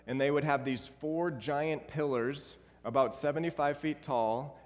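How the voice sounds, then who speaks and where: A man's voice: mid-range voice, in a large hall. A man preaching a sermon as pastor, earnest and conversational, with frequent fillers and self-corrections.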